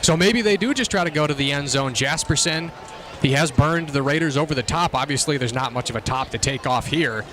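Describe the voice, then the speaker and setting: A man giving measured, analytical color commentary on a local high school football game. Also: fairly bright tone, a little hiss or hum.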